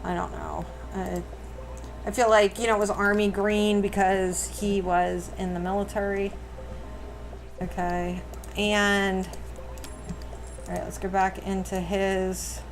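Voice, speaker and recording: Middle-aged lady rambling thru her sim game on stream, music playing loud behind her. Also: level tone, slow, long pauses. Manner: chatty, talks to her pets in a high coo. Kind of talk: casual gameplay stream chat.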